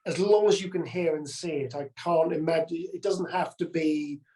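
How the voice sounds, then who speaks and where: A man's voice: on the high side, moderate pace, dark tone, low-quality recording. A man chatting as an actor guest, earnest and reflective, repeating words as he thinks. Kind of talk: relaxed conversational chat.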